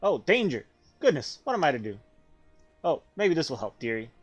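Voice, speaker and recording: Guy putting on a high wobbly granny voice, hard of hearing, mishears everything, calls you dearie. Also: very animated, moderate pace, slightly rough, faint music behind. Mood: doddering. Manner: mishears words, fussy and doddering. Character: creaky old village woman, kindly and hard of hearing.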